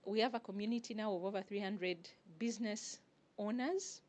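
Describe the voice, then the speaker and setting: A woman gives a guest interview at an even, mid-range pitch. She explains things step by step in a measured way and often pauses to find her words. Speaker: guest, networking group organizer. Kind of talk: interview answers.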